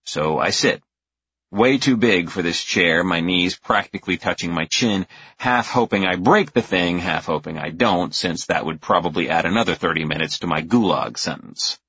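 A man's voice: low voice, moderate pace, a bit bright, husky, no echo. A man narrating a first-person audiobook with a wry, exasperated manner. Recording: dull, dry lo-fi recording.

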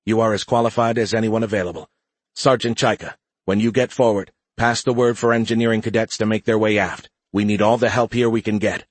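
A man voicing a decisive female army officer in a brisk, commanding tone. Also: on the low side, fairly even intonation, dry recording, lightly acted.

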